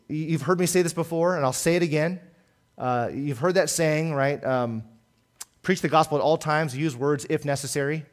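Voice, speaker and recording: A male pastor delivering a sermon with a somewhat high voice. He preaches earnestly, his volume swelling on key points and easing off quietly after them.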